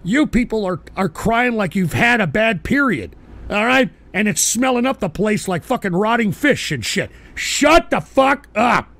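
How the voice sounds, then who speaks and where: A man hosting a live call-in stream, ranting belligerently at his chat and bursting into shouts, talking into a desk microphone. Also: high voice, expressive, normal speed. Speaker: call-in show host. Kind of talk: profane live-stream rant.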